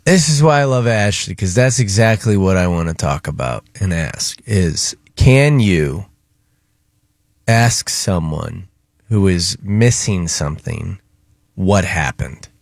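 A man with a lowish voice hosts a music radio show and tells a family story in loose, casual banter. He stumbles and restarts now and then. The studio sound is dry and close. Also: animated, takes it slowly, dry recording.

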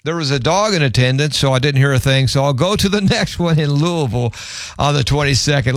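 A man's voice: on the high side, a little fast, dry recording. A man hosting a radio talk show, upbeat and enthusiastic, reading a live ad. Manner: upbeat, enthusiastic, laughs often. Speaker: radio host.

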